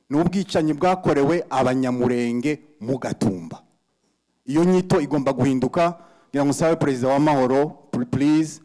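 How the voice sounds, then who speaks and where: A man's voice: mid-range voice, a little fast, warm tone. A man moderating a memorial gathering, speaking emphatically, repeating key phrases and mixing Kinyarwanda, English and French.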